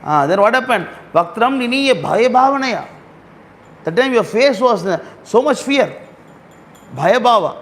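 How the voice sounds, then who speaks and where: A man giving a storytelling sermon, repeating phrases and slowly explaining words and verses. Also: extremely high pitch, expressive. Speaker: speaker at a temple gathering.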